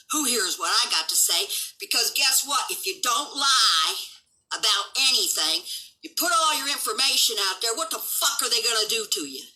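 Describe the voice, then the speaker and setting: A seventy-year-old woman tears into her critics on a livestream, swearing with nearly every breath and rising to shouts. Her voice is sharp and piercing, pitched a little higher than most women's. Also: rough recording. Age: 70s. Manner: combative, swearing constantly, shouting at times. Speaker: livestream host. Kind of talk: angry profane rant.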